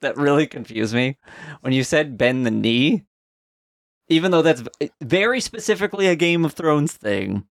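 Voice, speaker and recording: A man's voice: fairly high pitch, animated, normal speed, vocal fry, no room sound, studio quality. A man co-hosting a podcast in casual chat, rambling and laughing often. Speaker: podcast co-host.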